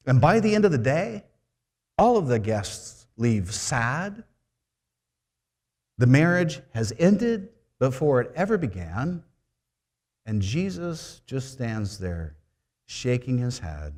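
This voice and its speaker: Slow, animated preaching man. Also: mid-range voice. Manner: storytelling with asides to the congregation; dramatic swings from loud to hushed. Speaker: preaching minister. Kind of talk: sermon. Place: church sanctuary.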